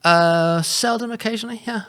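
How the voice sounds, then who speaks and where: A man's voice: high voice, brisk, bright, forceful tone. Man, English accent with South African trace, podcast guest, wordy, hedging, casual chat. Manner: wordy, hedging with many "sort of" and "kind of". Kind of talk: casual conversation.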